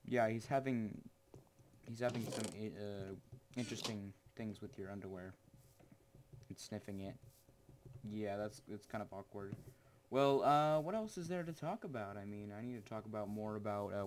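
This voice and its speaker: A teenage boy hosting his own gaming channel, rambling through gameplay commentary with jokes and sudden excited yelps. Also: lowish voice, a little hiss or hum. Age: teens.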